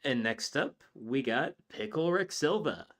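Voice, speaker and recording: Dude slowly reading chat jokes on a comedy podcast, voice bouncing up and down a lot. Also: male voice, on the high side, expressive, fairly bright tone. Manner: reads out names and chat jokes with laughs.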